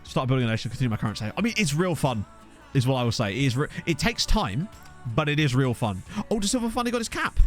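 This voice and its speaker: A man live-streaming a management game, chatting casually and getting excitable, swearing when something surprises him, into a desk microphone. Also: mid-range voice, fast talker, faint music behind. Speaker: gaming streamer. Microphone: desktop USB microphone.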